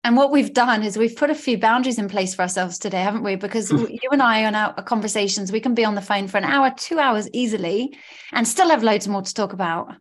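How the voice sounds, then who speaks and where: A woman's voice: medium pitch, fast. A woman hosting a casual podcast as a coach, upbeat and gushing. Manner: upbeat, gushing, warm encouraging patter. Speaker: podcast host, law of attraction coach. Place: studio.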